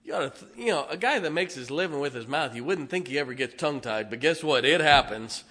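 A man's voice: on the high side, lively intonation, fast talker, pushed and bright, husky. A man preaching a sermon in a folksy, joking and emphatic way.

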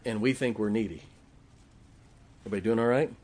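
A man's voice: lowish voice, fast, darkish tone. A middle-aged man preaching a folksy sermon, often asking the congregation questions. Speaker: pastor.

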